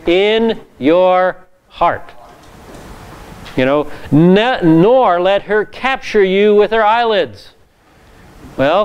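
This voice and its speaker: A male pastor teaching a Bible class, reading scripture and explaining it with lively asides. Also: high voice, clean tone, muffled recording.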